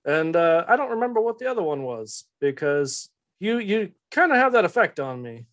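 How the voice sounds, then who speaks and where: Man doing a folksy Southern police chief, older, fatherly, pitched up high, booming drawl with stammered restarts. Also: very animated, moderate pace, a bit bright. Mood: exasperated.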